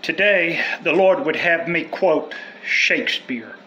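A man's voice: a little high, lively intonation, measured pace, hardly any pauses, sharp tone, dull audio, slight background noise. A man delivering a prophetic word with solemn, chanting repetition. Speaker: prophetic speaker.

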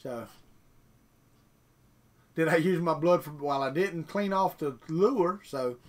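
Speaking slowly in a fairly high voice, the middle-aged man reads his 3D printing stream's chat and drifts into casual, folksy stories on a morning broadcast.

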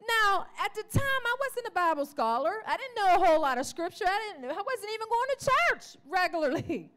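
A woman preaching a sermon testimony to a church, telling her story in an animated way and calling out to the congregation. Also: extremely high pitch, fairly quick. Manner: calls out to the congregation.

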